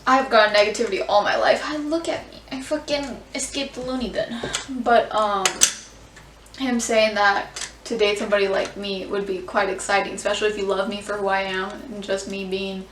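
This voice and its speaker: A young adult woman chatting candidly in a casual reaction vlog, expressive, swearing freely and filling with "like". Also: mid-range voice, moderate pace, background noise. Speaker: vlogger. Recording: roomy sound, mic at a distance.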